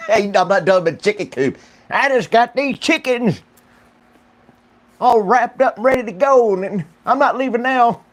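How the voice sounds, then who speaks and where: A man's voice: very high-pitched, animated, unhurried, a bit bright, pitched above the performer's own voice, full character voice. A man voicing a stubborn, defiant old rural American man who refuses to leave his home. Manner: defiant, cranky.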